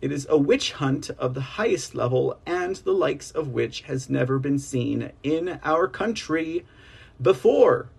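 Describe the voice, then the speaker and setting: A man hosting an online political news livestream, rambling casually, reading statements aloud and speaking to viewers as ladies and gentlemen. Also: a little high, expressive, a little slow, creaky, slightly rough. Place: home setup on a slow connection.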